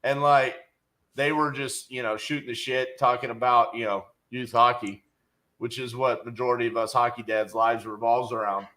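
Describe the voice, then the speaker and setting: Guy on a livestream, bright crisp voice, folksy jokey storytelling. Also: mid-range voice, level tone, normal speed. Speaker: co-host, real estate investor. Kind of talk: casual livestream chat reading viewer comments.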